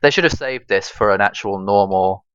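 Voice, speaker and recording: Male co-host, lowish voice, dry lo-fi recording, laid-back and hedging. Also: normal speed, a bit bright, no echo. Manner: hedging, laughs a lot, thinks aloud. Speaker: podcast co-host. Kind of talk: casual gaming chat. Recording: dry, dull lo-fi mic.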